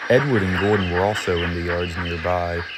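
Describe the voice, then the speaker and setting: A man narrating a storybook tale in a steady, measured reading voice. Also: deep voice, background noise.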